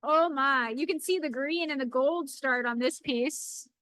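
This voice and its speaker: High-voiced woman chatting and joking while she films at the rock saw, dry close sound, handheld camera. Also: measured pace, fairly bright tone, no room sound, poor audio. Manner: chatty, playful, self-correcting. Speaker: lapidary shop co-host filming. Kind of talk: casual chat while demonstrating. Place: indoor workshop by a rock saw.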